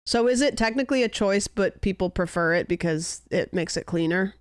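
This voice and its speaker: A woman's voice: mid-range voice, a little fast, no echo, clean studio sound. A young woman streamer in casual chat, rambling and musing aloud with lots of "like" fillers.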